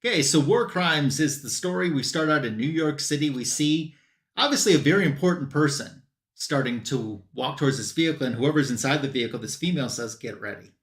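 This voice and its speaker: A man's voice: fairly high pitch, expressive, roomy sound. Man recapping a comic plot casually. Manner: retells scenes with quick quoted voices for characters. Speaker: comic book show panelist.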